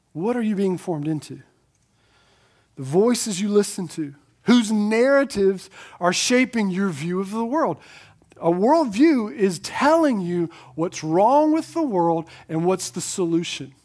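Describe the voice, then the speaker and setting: A man's voice: high-pitched, a little mellow. A male pastor preaching with conviction, driving his points home through repeated phrases and rhetorical questions. He breaks into casual, chatty asides to the listeners between the bigger statements. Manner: conversational asides to the congregation. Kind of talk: sermon.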